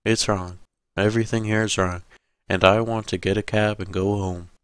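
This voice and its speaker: A man's voice: lowish voice, steady tone, normal speed, clear, resonant tone, no echo, lightly acted. A man voicing a frightened, urgent wife.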